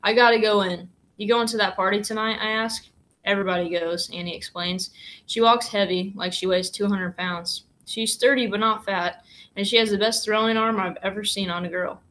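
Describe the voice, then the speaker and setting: A woman's voice: mid-range voice, fairly even intonation, normal speed, a bit bright, poor audio. Woman reading a children's novel aloud. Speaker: reader.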